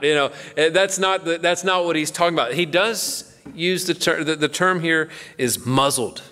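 A man's voice: on the high side, moderate pace, sharp tone. A middle-aged man, a pastor, teaching the Bible in a casual, conversational way and acting out a story with playful voices. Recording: long hall reverb.

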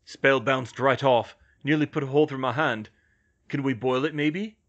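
A man's voice: mid-range voice, steady tone, moderate pace, a bit bright, highs cut off. A man voicing a brave, stubborn young wizard who speaks bluntly and insistently in an audiobook. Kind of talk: audiobook character voice.

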